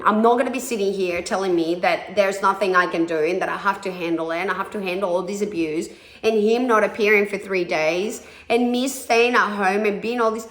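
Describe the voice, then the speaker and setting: A woman in her thirties speaks in a middle pitch, telling her own story in a candid, confessional way. She is frank and blunt, swears freely and acts out the voices of people she quotes. The sound has a noticeable room echo around it. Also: fairly bright tone. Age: 30s. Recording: echoey room.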